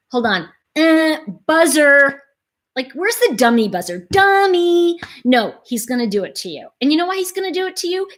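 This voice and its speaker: A middle-aged woman hosting a casual live stream, chatting straight to her viewers in an animated, talkative way. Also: mid-range voice. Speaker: livestream host.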